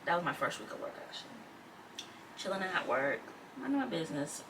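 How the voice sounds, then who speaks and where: A woman's voice: lowish voice, very animated, fairly quick. A young woman in her twenties, speaking, tells a personal story casually to her vlog audience, full of "like" and quoted speech. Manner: conversational, lots of "like" and quoted speech. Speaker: vlogger. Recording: distant mic with faint background noise.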